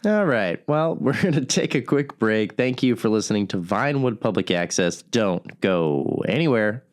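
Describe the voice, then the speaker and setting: A man's voice: lowish voice, animated, normal speed, lightly acted. A man playing a self-pitying radio host. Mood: wry. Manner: self-deprecating, wry. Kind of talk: comedic radio call-in sketch.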